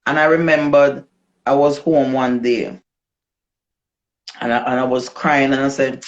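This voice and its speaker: A woman with a Jamaican accent, a dancehall artist telling her story in a casual interview, animated and slipping into patois. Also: very deep voice, moderate pace. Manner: animated, switches into patois, acts out quoted voices. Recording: dull lo-fi recording.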